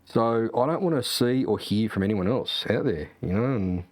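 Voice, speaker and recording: A man's voice: lowish voice, animated, normal speed, dry recording. A man, a sim racing streamer, chatting casually and ranting with lots of profanity and fillers. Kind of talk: casual chat.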